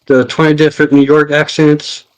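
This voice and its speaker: A man's voice: on the high side, normal speed, clear, resonant tone, poor audio. A man from New Mexico with a Southwestern US accent, chatting loosely over voice chat and laughing easily. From New Mexico, United States. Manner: relaxed, rambling, laughs easily. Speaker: guest on voice chat. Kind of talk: casual chat on voice call.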